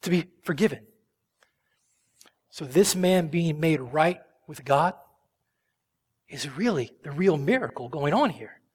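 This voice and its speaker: A male pastor preaching a sermon with passion, swinging from loud emphasis to hushed whispers. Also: fairly high pitch, lively intonation, unhurried, long pauses, husky, big-room sound.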